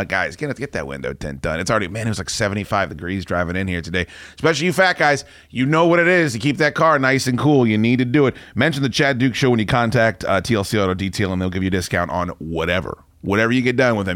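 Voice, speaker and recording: A man hosting a talk radio show, ranting in a loud, profane way and laughing between lines. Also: lowish voice, no echo, clean studio sound.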